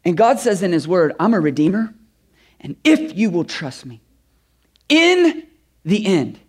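A man preaching a sermon, animated, swinging from quiet reflection to shouted enthusiasm. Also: on the high side, breathy edge. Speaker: pastor.

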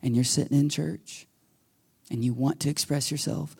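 A male pastor delivers a sermon with a gravelly, slightly husky voice. His tone is dark and mellow, and he slips into quoted voices and hushed asides as he tells the story. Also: a little high, normal speed. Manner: animated storytelling, acting out quoted voices, dropping to a whisper at times. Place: church sanctuary.

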